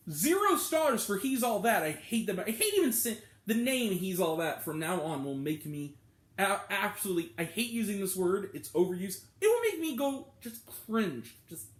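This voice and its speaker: High-voiced ranting man in an echoey room. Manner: exasperated, ranting. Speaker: movie reviewer. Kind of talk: ranting video review.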